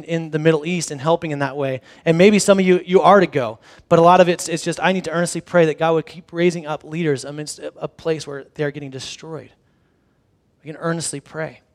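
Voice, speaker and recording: High-voiced man preaching conversationally. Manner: conversational, animated, acts out the disciples' reactions. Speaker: pastor. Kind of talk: sermon.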